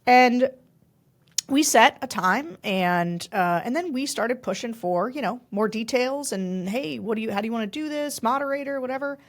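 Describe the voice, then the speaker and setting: A woman co-hosting a podcast, telling stories in a chatty, animated way and laughing often. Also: on the high side, moderate pace. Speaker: podcast co-host. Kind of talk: casual political chat.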